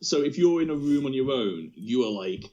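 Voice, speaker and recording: A man's voice: mid-range voice, animated, normal speed, dark tone, highs cut off. A man from England with a blended Liverpool and West Midlands accent, co-hosting a podcast in chatty, self-deprecating casual talk. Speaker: podcast co-host. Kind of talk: casual chat.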